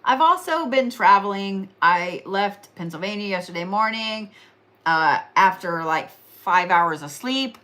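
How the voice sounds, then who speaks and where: A woman's voice: mid-range voice, expressive, a little slow, pushed and bright. A young woman with an Oklahoma accent gives a casual horoscope reading in a chatty, teasing way, often repeating herself for emphasis. She sounds tired and keeps yawning, and her voice sits in a middle range. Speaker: astrology and reiki livestream host.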